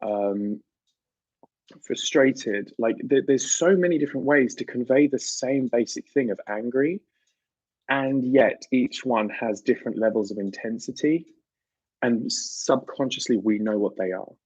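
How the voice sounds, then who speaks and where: A man's voice: medium pitch, a little slow, a little mellow, dry recording, muffled recording. A British man hosting a livestream, chatting casually and animatedly with viewers and laughing often. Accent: British English. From United Kingdom. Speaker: livestream host. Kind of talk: casual chat with live viewers.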